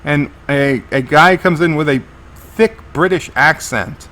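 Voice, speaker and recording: Bright-voiced man narrating a live reaction. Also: a little high, a little slow. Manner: narrates scenes as they play, with frequent restarts. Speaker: TV episode reviewer.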